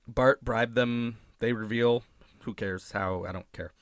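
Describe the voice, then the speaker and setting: Sarcastic man, comedic recap, profane deadpan asides, bright voice, dry close sound. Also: medium pitch, normal speed, dry recording. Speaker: host.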